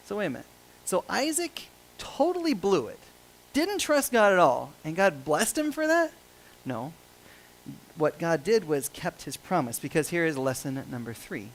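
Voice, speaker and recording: A man's voice: on the high side, very animated, moderate pace, gravelly, rough recording. A male pastor preaching a sermon in a conversational, joking and self-deprecating way.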